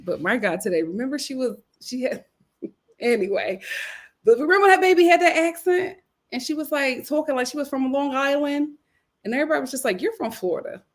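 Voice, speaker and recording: A young woman hosting a live recap stream, chatting casually, reading viewer comments, laughing often and swinging between loud outbursts and murmured asides. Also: a little high. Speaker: live recap show host.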